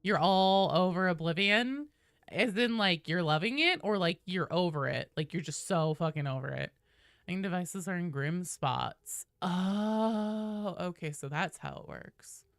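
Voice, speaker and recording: A woman's voice: lowish voice, lively intonation, measured pace, dry recording, studio quality. A woman streaming a game and chatting loosely with her viewers, swearing often. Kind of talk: casual live-stream chat.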